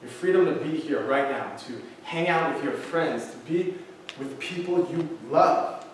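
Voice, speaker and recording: Man, thirties, motivational speaker, earnest storytelling, dramatic pauses, heavy hall echo, distant mic. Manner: earnest, with dramatic pauses and a voice that sinks low and quiet. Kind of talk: personal story told to high school students. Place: large school hall. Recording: echoey hall, distant mic, faint hiss.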